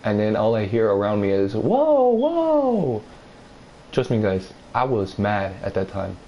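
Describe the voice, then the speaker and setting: Telling a story from his own life, a man curses freely and wanders from point to point at a moderate pace. He acts out other people's words in a higher voice with animated energy, and the audio has its highs cut off.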